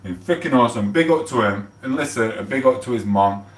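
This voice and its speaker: A man, rambling and swearing casually as he gives shout-outs on his livestream. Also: mid-range voice, animated, fairly quick, far from the mic. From England. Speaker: livestream host. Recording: echoey room, off the mic.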